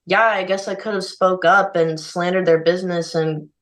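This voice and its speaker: A woman's voice: lowish voice, fairly even intonation, normal speed, distant mic, rough recording. A young woman speaking as a podcast guest, candid and heartfelt, filling her speech with "like" and "you know.". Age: young adult. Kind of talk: candid conversational interview.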